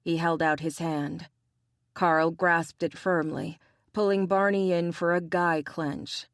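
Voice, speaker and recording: A woman narrating a romance audiobook in a steady, even storytelling manner. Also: lowish voice, slow, no echo, clean studio sound.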